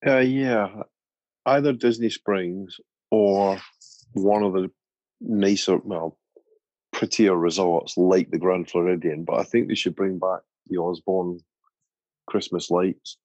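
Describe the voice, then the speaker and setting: A man's voice: deep voice, steady tone, slow, a little mellow, no echo, lo-fi sound. A British man co-hosting a casual podcast chat, agreeable and thinking aloud. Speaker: podcast co-host.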